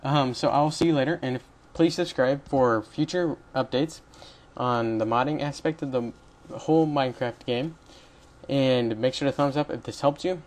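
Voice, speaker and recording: A young man with a mid-range voice and moderate pace hosts a casual screen-recorded coding tutorial. He rambles, self-corrects, and keeps things chatty with little laughs.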